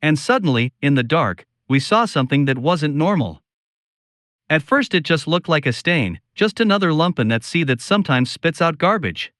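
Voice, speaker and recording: A man narrating a scripted first-person story in a slow, solemn, confiding way. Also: on the high side, very animated, fairly bright tone, dry recording, clean studio sound.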